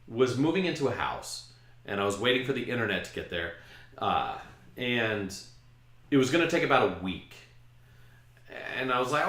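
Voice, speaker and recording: A man with a fairly low yet lively, bright-edged voice tells a casual story as a podcast host. He pokes fun at himself as he goes. The room around him adds a noticeable echo. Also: normal speed, pauses often. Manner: self-mocking, animated retelling. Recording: roomy echo.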